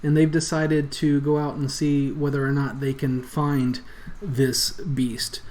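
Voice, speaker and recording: A man's voice: fairly high pitch, little pitch movement, slow pace, a little mellow. Easygoing man running a tabletop game. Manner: loose and conversational, with frequent "uh" and "you know". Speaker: game master.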